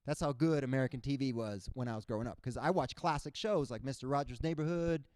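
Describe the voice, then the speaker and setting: A young man from Cuba doing a stand-up comedy set, animated and jumping into high character voices. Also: fast talker, no room sound.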